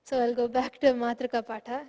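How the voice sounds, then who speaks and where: A woman's voice: fairly high pitch, flat delivery, brisk, dark tone, long reverb tail. A woman teaching a phonetics class, patiently explaining step by step and sounding out syllables aloud.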